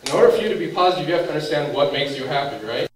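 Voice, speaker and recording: A man's voice: on the high side, very fast. Man lecturing in a very echoey room. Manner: questions the audience and acts out inner thoughts. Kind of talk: lecture with audience questions. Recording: very echoey room, voice far from mic, faint background noise.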